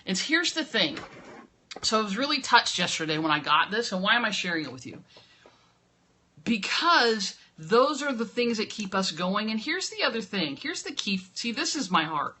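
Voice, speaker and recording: A woman marketing coach speaks straight into a camera at her computer, urging viewers on in an emphatic motivational talk. Her voice is bright and forceful, and she keeps checking in with "right?" as she goes. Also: mid-range voice, sing-song, normal speed, breathy edge.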